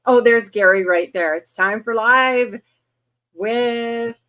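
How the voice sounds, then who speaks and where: A woman in her fifties hosting a casual livestream, chatty and quick to laugh as she greets viewers one by one. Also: on the high side, fairly bright tone. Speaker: host.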